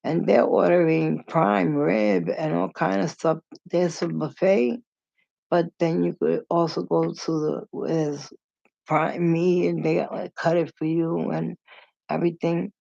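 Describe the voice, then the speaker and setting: Slow, deeply gravelly woman storyteller. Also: steady tone, dark tone, no echo. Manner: rambling, acts out the people in her stories. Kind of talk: casual storytelling vlog. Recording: dull lo-fi recording.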